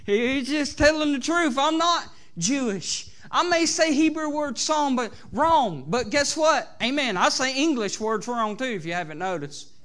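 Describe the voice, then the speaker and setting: A man with a Southern American accent preaching a sermon to a church, swinging between loud exhortation and quiet asides, often saying amen. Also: very high voice, expressive, a little slow, hardly any pauses. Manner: preachy, rising and falling between loud exhortation and soft asides, many "amens". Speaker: pastor. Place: church sanctuary.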